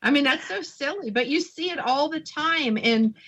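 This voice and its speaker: A woman's voice: high voice, expressive, moderate pace, fairly bright tone. A woman hosting a radio talk show, agreeing with her guest and chiming in with short remarks. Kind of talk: radio interview, conversational.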